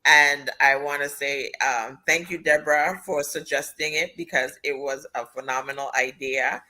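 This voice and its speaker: Woman host, effusive, thanks everyone over and over, bright, forceful voice. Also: sits low, steady tone, moderate pace, poor audio. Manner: effusive, repeats thanks and praise. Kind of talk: closing remarks on a panel talk show.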